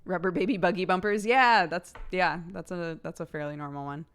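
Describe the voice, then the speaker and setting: Female streamer, casual live chat, playful and giggly, slightly low register. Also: fairly quick, a bit bright, smooth. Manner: playful, laughs often, reciting tongue twisters.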